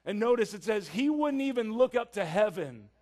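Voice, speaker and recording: A man's voice: high-pitched, big pitch swings, normal speed, a little mellow. A man preaching an earnest, emphatic sermon with many repeated phrases.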